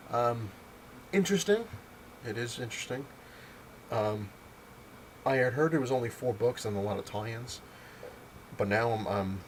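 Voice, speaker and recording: A man's voice: fairly low pitch, slight background noise, poor audio. A man casually rambling through a comic book review at home, with lots of fillers and retold dialogue. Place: home, on a couch.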